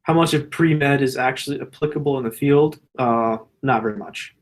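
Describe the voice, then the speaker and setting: Hosting a relaxed Q&A chat, this male general surgeon curses and rambles through anecdotes, his voice medium-pitched and moderately paced.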